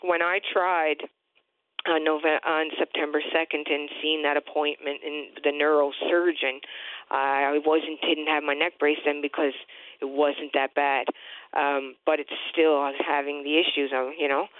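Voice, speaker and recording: A woman in her forties calling in to a radio show, halting and hesitant with many restarts, distressed. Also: deep voice, smooth, no room sound. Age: 40s. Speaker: caller. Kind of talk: call-in radio. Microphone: phone line. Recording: tinny phone line.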